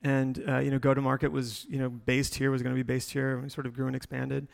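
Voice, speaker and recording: A middle-aged man with a gravelly, creaky voice tells his career story in a rambling way, full of "uh"s and restarts. He speaks at a medium pitch. His voice rings out with the long reverb of a large hall. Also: monotone, fast. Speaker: tech company executive guest.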